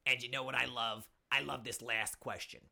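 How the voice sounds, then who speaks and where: A man's voice: medium pitch, fairly even intonation, normal speed, gravelly, bright, forceful tone, full character voice. A man voicing a brash older woman who gives advice and nags about her unmarried daughter, gossipy and full of "seriously". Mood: exasperated. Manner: brash and gossipy, keeps saying "seriously", calls listeners "my dears". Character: brassy older woman advice-giver, doting nagging mother. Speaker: advice segment host. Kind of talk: comedy character monologue.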